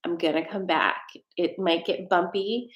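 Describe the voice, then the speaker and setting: A woman's voice: fairly low pitch, measured pace, reverberant, highs cut off. A woman hosting a live-stream tarot card reading, chatty and rambling with fillers, a little out of breath. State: slightly out of breath. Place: home desk with a treadmill.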